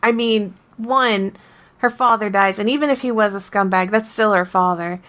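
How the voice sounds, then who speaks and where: A woman co-hosting a casual game podcast, telling her story with emphatic, animated restarts. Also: mid-range voice, moderate pace. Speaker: podcast co-host.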